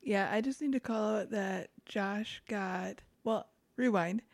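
A woman co-hosting a relaxed podcast, with a middle-pitched voice. She speaks in a dry, low-key way, with understated quips. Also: slow, creaky. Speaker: podcast co-host. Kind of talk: casual podcast chat.

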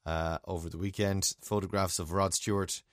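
A man's voice: low-pitched, steady tone, normal speed, no echo, studio quality. A man co-hosting a podcast in casual chat, wry and joking. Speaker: podcast co-host.

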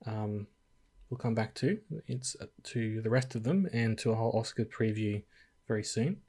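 A man's voice: fairly low pitch, moderate pace, a little mellow, slightly rough. A man co-hosting a podcast, chatting casually about a film in an easygoing, musing way. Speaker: podcast co-host. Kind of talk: casual film review chat.

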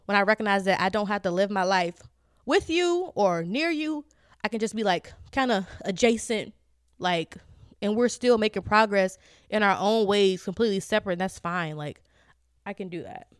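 A woman's voice: mid-range voice, lively intonation, moderate pace, clear, resonant tone, no echo, clean studio sound. Candid young woman podcast co-host. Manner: candid, laughs often, trails off with fillers. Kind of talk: casual chat.

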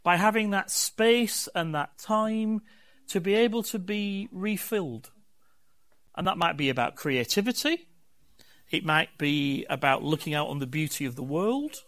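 An older man preaching a conversational sermon in a notably high voice. He speaks candidly, building his points in rhythmic, emphatic lists, as a pastor talking openly to his own congregation. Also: lively intonation, unhurried, a bit bright.

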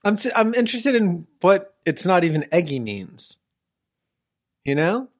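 A man's voice: high-pitched, sing-song, a little slow. Playfully stubborn podcast co-host, man. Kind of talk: casual chat.

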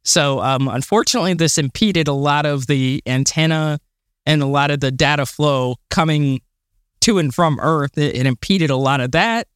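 Excitable podcast co-host, man. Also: fairly high pitch, normal speed, smooth, no room sound, studio quality. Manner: enthusiastic, exasperated rants with fillers and laughs. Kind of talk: casual chat.

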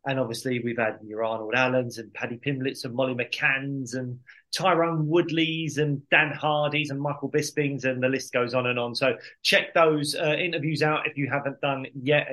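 A man's voice: mid-range voice, a bit bright, low-quality recording. A man co-hosting a sports podcast, talking in a teasing, jokey casual chat. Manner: jokey, teasing, quick to laugh. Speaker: podcast co-host.

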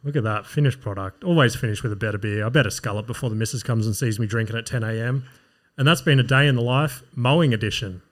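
A man's voice: mid-range voice, fast talker, close to an everyday voice. Cheesy smug lawn-mowing influencer, Australian accent, mock-upbeat vlog patter, parody voice-over, done by a man.

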